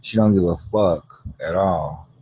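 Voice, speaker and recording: A man's voice: deep voice, measured pace, mellow, slightly rough, lo-fi sound. A man giving laid-back, profane gossip commentary on a live stream.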